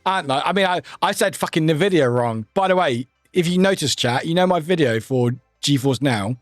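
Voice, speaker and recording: A man's voice: on the high side, expressive, a little fast, dry recording, studio quality, soft background music. A British man chatting casually with his livestream viewers, rambling and often laughing at himself. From United Kingdom.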